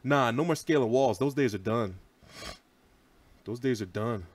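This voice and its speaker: A man's voice: mid-range voice, measured pace, no room sound. A man in his thirties hosting a boxing livestream, chatting loosely and profanely and answering viewers' comments. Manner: loose, profane, rambling and animated. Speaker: boxing channel livestream host. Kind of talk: casual livestream chat.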